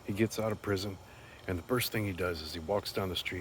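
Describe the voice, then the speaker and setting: Earnest rambling man, low voice. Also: quick pace, a bit bright, husky. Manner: rambling, earnest, repeats words. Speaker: speaker sharing life reflections. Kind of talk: casual reflective monologue. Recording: faint background noise.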